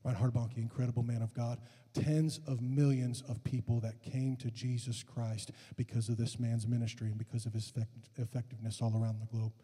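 A man's voice: mid-range voice, little pitch movement, fairly quick, husky, in a large hall. A man preaching a sermon and leading prayer for healing in a church, impassioned and building to fervent peaks. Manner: impassioned, rising to shouted fervor. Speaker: pastor. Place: church sanctuary.

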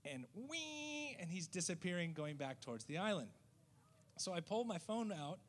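A man, a missionary, telling a story in a lively way and acting out the voices of the people in it. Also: a little high, moderate pace. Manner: lively, acts out quoted voices. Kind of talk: storytelling testimony.

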